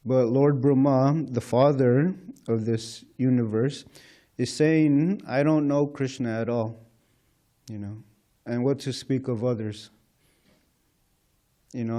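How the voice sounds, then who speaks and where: At a temple lecture hall, a man with a warm, medium-pitched voice leads a relaxed scripture class. He chats with the group, often saying "you know" and chuckling along the way.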